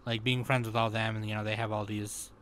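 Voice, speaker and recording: Bright-voiced man in casual podcast chat. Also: fairly low pitch, little pitch movement, fast talker, slight background noise. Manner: rambling, swears freely, jokey. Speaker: podcast co-host.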